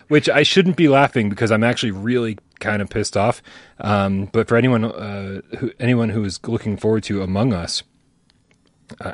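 A man's voice: fairly low pitch, dry recording. A man co-hosting a casual gaming podcast, talking frankly and wryly with frequent restarts. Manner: rambling, restarts, frank and wry. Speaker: podcast co-host.

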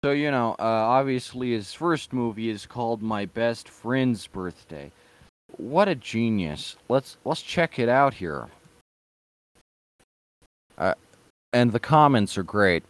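A man's voice: mid-range voice, expressive, slow, long pauses, no room sound. A man hosting an online show, giving casual and sarcastic reaction commentary in a mocking tone. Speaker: online video host.

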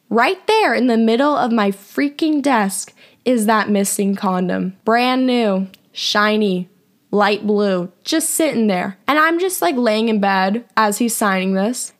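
A young woman hosting a podcast and telling a personal story in a casual, animated way, full of "like" fillers. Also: fairly high pitch. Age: young adult. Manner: chatty, heavy on "like" fillers; animated, acts out quoted voices. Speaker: podcast host.

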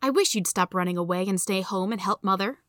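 A woman's voice: medium pitch, quick pace, a bit bright, no echo, studio quality, close to an everyday voice. A woman voicing a sensible, earnest older sister who talks in a coaxing way.

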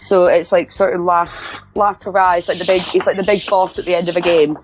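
A woman's voice: on the low side, steady tone, a little fast, soft background music, low-quality recording. A woman co-hosting a podcast, chatting casually and rambling with many restarts. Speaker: podcast co-host. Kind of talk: casual wrestling chat.

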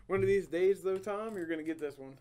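A man's voice: high-pitched, brisk, a little mellow. A man co-hosting a casual podcast chat, giving short reactions and dry remarks between laughs. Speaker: podcast co-host.

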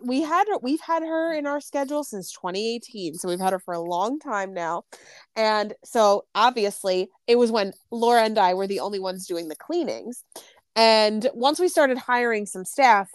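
A woman's voice: a little high, no room sound. A woman co-hosting a podcast, telling a story in rambling casual chat with laughing asides. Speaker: podcast co-host.

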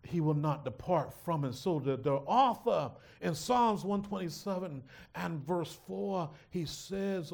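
Animated preacher, soft to shouting. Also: male voice, on the high side, measured pace, gravelly, few pauses. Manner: dramatic swings from hushed to shouting, teasing congregation. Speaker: pastor. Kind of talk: sermon.

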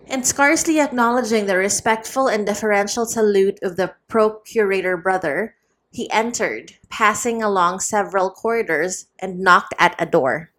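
A woman's voice: mid-range voice, a bit bright. Woman reading a classic novel aloud. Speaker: audiobook reader. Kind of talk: scripted narration.

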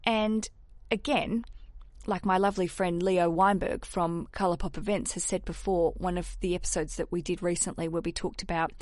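A woman hosting a podcast, giving casual advice, animated and candid, swearing freely and laughing at herself. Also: lowish voice, moderate pace, no echo, clean studio sound. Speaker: podcast host.

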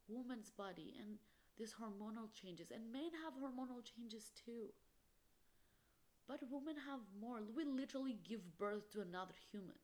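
Young woman venting on her podcast. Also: medium pitch. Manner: emphatic, impassioned, peppered with "literally" and "like". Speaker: podcast host. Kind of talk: solo podcast monologue.

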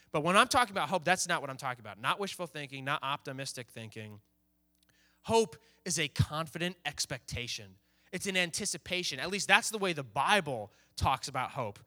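A man's voice: on the high side, animated, brisk, sharp tone. A young man preaching casually to a youth group, telling a story animatedly and acting out the quoted lines. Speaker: youth pastor. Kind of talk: sermon.

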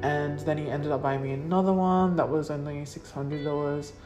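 A woman's voice: sits low, fairly even intonation, normal speed, dull audio, over music. A young adult woman, answering questions in a casual vlog, blunt and sweary, with lots of likes and ums. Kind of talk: casual Q&A monologue.

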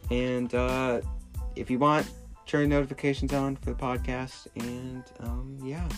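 A man's voice: medium pitch, little pitch movement, a little slow, soft background music. A young man hosting a casual solo podcast, rambling and apologetic, with many restarts. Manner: rambling, self-deprecating, with fillers and restarts. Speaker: podcast host.

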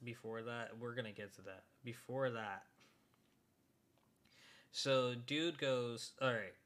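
Excitable young man recapping an episode. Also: mid-range voice, takes it slowly. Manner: excitable, swears, rises sharply when worked up. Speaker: podcast co-host. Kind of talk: casual chat recapping an anime episode.

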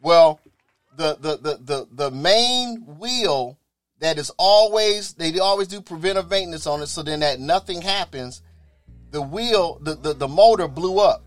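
In an unhurried, somewhat high voice, a man shares his own testimony in a loose, spoken style, with faint music softly behind him and no room sound. He animates the story by acting out what others said, often repeating words and starting over mid-sentence.

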